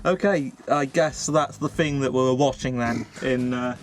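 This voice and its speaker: A man from England co-hosting a casual reaction show, rambling and joking and quick to laugh. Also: medium pitch, a little hiss or hum. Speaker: co-host of a reaction channel. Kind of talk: casual chat.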